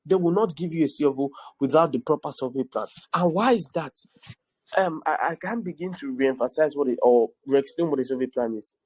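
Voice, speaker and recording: A man's voice: fairly high pitch, a little fast, darkish tone, slightly rough, no room sound, poor audio. A man teaching real estate in an online class over a video call, repeating key points and checking in with his students. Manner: keeps checking in with the audience, emphatic repetition.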